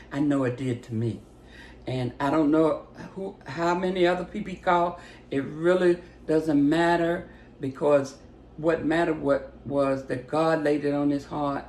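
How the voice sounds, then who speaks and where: An older woman giving a casual spoken testimony, retelling a phone call with lively acted-out voices and big jumps in pitch. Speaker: storyteller giving a personal testimony. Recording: roomy echo with faint background noise.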